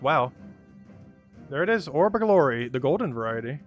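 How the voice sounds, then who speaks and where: A male streamer in casual gameplay commentary, his voice sitting in a middle register but swinging up and down with lots of animation. He chats with his viewers and laughs readily, with quiet game music playing faintly behind him. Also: medium pitch, very animated, moderate pace. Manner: chatty, answers chat, laughs often. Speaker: live streamer.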